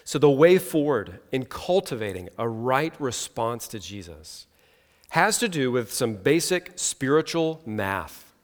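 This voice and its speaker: A man preaching a sermon in an earnest, measured way, slowing down for emphasis. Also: mid-range voice, big pitch swings. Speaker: pastor. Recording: long hall reverb.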